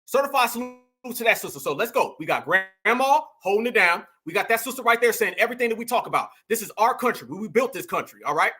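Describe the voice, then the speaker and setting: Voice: medium pitch, animated, fast talker, hardly any pauses, sharp tone, breathy edge. A host giving heated, exclamatory commentary and calling the viewers family and y'all.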